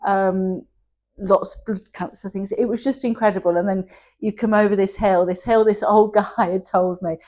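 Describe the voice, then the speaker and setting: A woman's voice: mid-range voice, fairly even intonation, moderate pace, mellow. A woman, telling her personal story in an interview, candid and emotional, often laughing as she speaks. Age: 60s. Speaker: interview guest.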